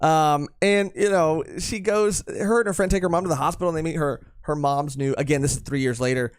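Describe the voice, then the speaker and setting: A young man talks casually on a podcast, rambling and joking, with fillers and restarts. His voice sits a little high for a man. The sound is close and dry, with no room around it. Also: brisk, smooth, dry recording. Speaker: podcast co-host. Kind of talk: casual chat reviewing a manga.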